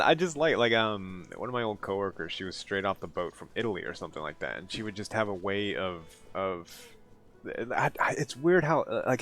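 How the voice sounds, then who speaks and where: Man, deep voice, American, live streamer, late-night casual chat, rambling, laughs a lot, tired. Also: fairly bright tone. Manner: rambling, laughs often, self-deprecating.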